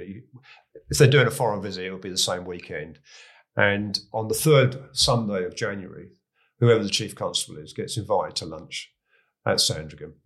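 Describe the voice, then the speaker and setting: A man's voice: on the low side, fairly bright tone. A man in his sixties with an English accent, a retired police chief telling anecdotes in a chatty way, restarting and repeating words as he goes. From England. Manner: chatty, restarts and repeats, laughs at own stories. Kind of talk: casual anecdotal storytelling.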